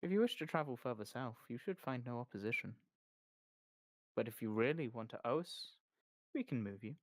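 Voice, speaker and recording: A cool smuggling-guild boss woman, voiced by a game master, measured and evasive, with a hint of menace under her calm replies. She talks at a middling pitch. The voice is close and dry, with no room sound. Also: no room sound, natural voice. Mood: guarded. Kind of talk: tabletop role-play.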